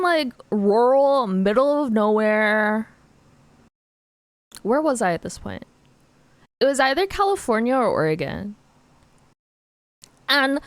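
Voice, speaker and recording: A high-voiced woman streamer draws while chatting casually with viewers, giggling a lot and peppering her speech with "like." She answers questions from chat, and the recording is dry.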